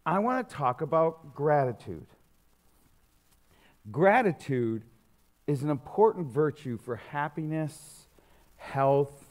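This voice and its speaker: A middle-aged man preaches in a loose, conversational way, full of asides and restarts. His voice sits a little high and swings widely in pitch as he tells his stories. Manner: animated storytelling, conversational with many fillers. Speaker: pastor. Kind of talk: sermon.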